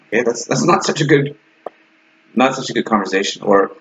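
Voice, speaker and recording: Man, English teacher, casual lesson to camera, fairly low voice, slightly dull lo-fi sound. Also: moderate pace, pauses often. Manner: animated, acts out both sides of sample dialogues.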